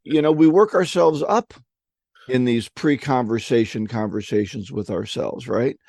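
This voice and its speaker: A man's voice: medium pitch, unhurried, vocal fry, darkish tone, no room sound, studio quality. A man co-hosting a casual talk on selling, telling anecdotes with restarts and acted-out voices. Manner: storytelling, acts out voices in anecdotes; frequent restarts and repeated words. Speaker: podcast co-host.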